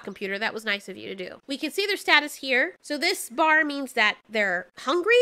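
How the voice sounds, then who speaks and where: Casual let's play lady, high bright voice, super reactive, swears a lot when stuff goes wrong. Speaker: gaming channel host.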